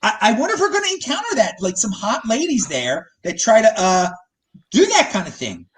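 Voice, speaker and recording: A man hosting a casual podcast, joking excitably and stumbling over his words. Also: sits high, a little fast, noisy background. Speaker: host.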